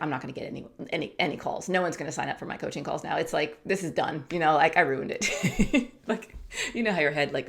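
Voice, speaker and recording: A woman in her thirties vlogging casually to camera, chatty and animated, acting out her own thoughts. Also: deep voice, vocal fry. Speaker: YouTube coach and vlogger. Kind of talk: casual talking-to-camera vlog.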